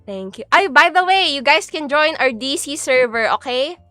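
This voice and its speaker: A woman's voice: sits high, animated, normal speed, sharp tone, dry recording, soft background music. A young Filipino woman with a Filipino accent, chatting casually on a live stream, giggly and mixing Tagalog with English. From Philippines.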